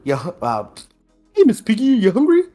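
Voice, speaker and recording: A woman's voice: mid-range voice, huge pitch swings, fairly quick, warm tone, soft background music, voice pushed up. A woman doing a meek nasal frog puppet. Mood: coaxing.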